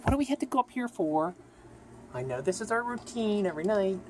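A woman filming her pet bird at home on her phone, talking to it in baby talk that swings between low murmurs and high sing-song coos. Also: very animated, brisk, darkish tone, slight background noise. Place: home, indoors. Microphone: phone camera held in one hand.

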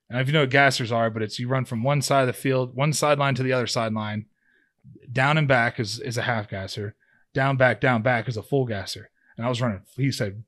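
A man's voice: medium pitch, fairly quick, fairly bright tone. Rambling thirty-something man telling stories. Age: 30s. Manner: rambling, filler-heavy, with many restarts and "like". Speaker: podcast guest, former pro football player. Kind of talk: casual storytelling in an interview.

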